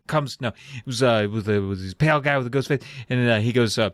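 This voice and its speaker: A man's voice: medium pitch, fast talker, no echo, studio quality. A man co-hosting a comedic book recap podcast, retelling the plot in a rambling, casual way. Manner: rambling storyteller, many fillers. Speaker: podcast co-host.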